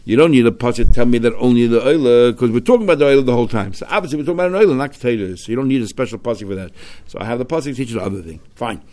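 A man of middle pitch walks through a religious text line by line. He keeps asking himself questions and answering them, jumping up in pitch and volume on the key points. He mixes Hebrew and Aramaic study terms into his English. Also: animated, rapid-fire, warm tone. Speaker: Talmud teacher. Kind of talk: explaining a religious text passage.

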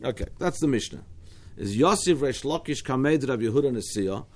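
A man's voice: mid-range voice, expressive, brisk. Man, australian accent, talmud teacher, explains in a roundabout way with restarts. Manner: explanatory, with frequent restarts and asides. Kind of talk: Talmud study class.

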